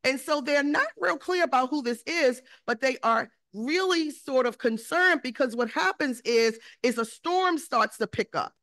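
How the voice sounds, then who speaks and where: A woman pastor giving a sermon in a relaxed, conversational way, often acting out quoted voices. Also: high-pitched, unhurried, few pauses, dry recording, studio quality. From United States. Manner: conversational preaching with acted-out quotes of disciples.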